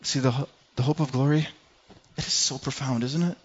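A man from Michigan preaching a sermon as pastor, earnest and conversational, swinging from soft murmurs to loud declarations. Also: mid-range voice, steady tone, brisk, breathy edge. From Michigan, USA. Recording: dull lo-fi sound.

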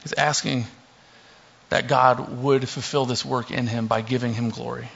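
On a dull, muffled lo-fi recording, a young pastor speaks at a measured pace in a medium-pitched, creaky voice with a breathy edge. His casual sermon features scripture reading, relaxed joking asides and many fillers.

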